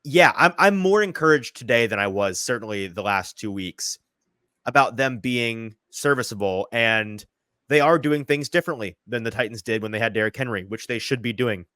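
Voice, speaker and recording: A man hosting a sports podcast in casual chat, quick and self-deprecating, a little out of breath. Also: mid-range voice, expressive, pushed and bright, no echo. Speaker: podcast host. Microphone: headphones, remote call.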